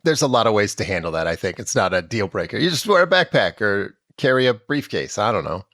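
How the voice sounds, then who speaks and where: A sarcastic, profane man riffing on a comedy podcast. His bright voice swings widely in pitch. The sound is dry and close. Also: very animated, fast talker, no echo.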